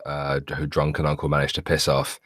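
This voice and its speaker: A man's voice: extremely low pitch, completely flat delivery, fairly quick, a bit bright, slight background noise. A man in a casual podcast chat, hesitant with many uhs and restarts.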